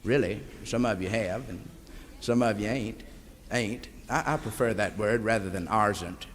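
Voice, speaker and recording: A man's voice: fairly low pitch, unhurried. A man with a Southern US accent doing a rambling live stand-up monologue, folksy and drawling, calling the crowd beloved. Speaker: stand-up comedian. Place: stage before a live audience. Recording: echoey 1960s live LP recording with hiss.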